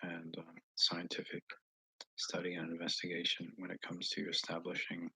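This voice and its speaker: Low, husky man with a Northeast US accent. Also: monotone, dry recording, rough recording. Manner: rambling, slow, with frequent pauses and fillers that trail off into quiet asides. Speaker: channel host answering viewers. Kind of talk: casual live chat.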